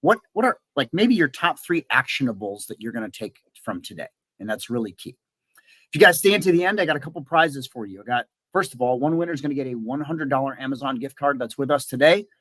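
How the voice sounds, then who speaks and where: A man's voice: medium pitch, animated, fast talker, fairly bright tone, no room sound. A man from southeastern Wisconsin hosting a live business webinar, talking in a casual, upbeat way with lots of "uh" fillers and restarts. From southeastern Wisconsin, USA. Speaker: webinar host and business coach.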